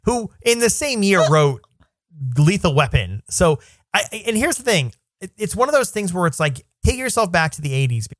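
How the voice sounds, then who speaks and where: A man's voice: high-pitched, very animated, normal speed, a bit bright, no room sound, studio quality. Rambling, thoughtful man podcast co-host. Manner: thoughtful and rambling, thinks aloud with restarts. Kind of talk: casual chat.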